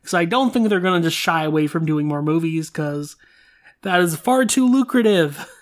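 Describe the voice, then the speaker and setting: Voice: mid-range voice, animated, normal speed. A podcast host talking casually and speculatively, with lots of fillers. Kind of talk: casual chat.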